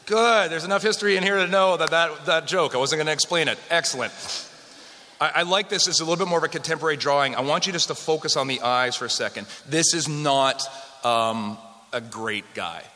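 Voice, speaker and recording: A man's voice: a little high, fairly quick, sharp tone. A man from Western Canada giving a conversational history lecture to a live audience, joking with the room as he goes. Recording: long hall reverb.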